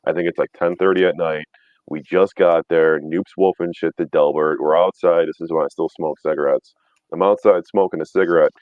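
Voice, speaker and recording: A man's voice: low voice, steady tone, fairly quick, no room sound, phone-quality sound. A man in his thirties telling rambling, profane stories in casual chat, laughing often. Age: 30s. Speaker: podcast host.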